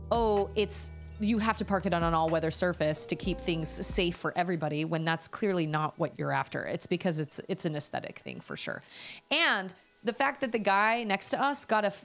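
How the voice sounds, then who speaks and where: A chatty young woman telling a rambling story on a live stream, her voice sitting low. She talks casually, with faint music playing behind her. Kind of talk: casual chat.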